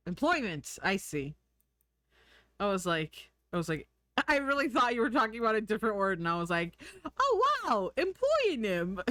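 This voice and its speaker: A woman's voice: fairly low pitch, a bit bright, no room sound, clean studio sound. A young woman streaming, chatting casually and giggling while she draws and reads chat. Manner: chatty, giggly, thinks aloud.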